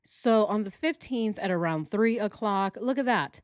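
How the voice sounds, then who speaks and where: A woman's voice: mid-range voice, animated, normal speed, few pauses, dry recording, studio quality. Indignant woman doing true crime commentary. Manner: indignant, conversational, asks viewers questions. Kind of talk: reaction commentary over video.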